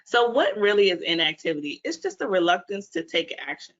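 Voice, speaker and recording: A woman from Washington, D.C. gives a webinar talk as a physical therapist. Her voice is bright and forward, and she keeps asking the audience questions. The audio is dull and lo-fi, like a webinar stream. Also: mid-range voice, very animated, fairly quick. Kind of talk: webinar presentation.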